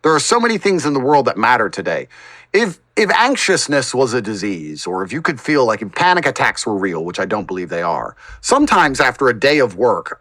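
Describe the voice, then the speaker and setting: Lively, bright-voiced blunt man talking. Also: fairly high pitch, no echo. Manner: blunt, emphatic, swears. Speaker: podcast guest. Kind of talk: casual storytelling chat.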